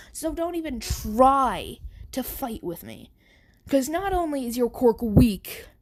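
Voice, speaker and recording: A woman voicing an arrogant schoolboy bully who mocks and taunts, pitched above her own voice. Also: darkish tone. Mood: taunting. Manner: taunting, mocking. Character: arrogant bully boy, sneering and loud.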